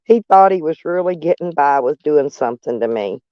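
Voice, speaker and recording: A woman's voice: low voice, animated, fairly quick, dry recording, dull audio. An older woman, hosting a casual livestream with brash, profane, laughing taunts. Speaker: livestream host.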